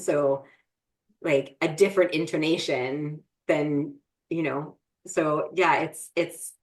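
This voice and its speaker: Middle-aged female podcast co-host, low-pitched, loose chatty delivery. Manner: chatty, many fillers and restarts. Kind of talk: casual chat.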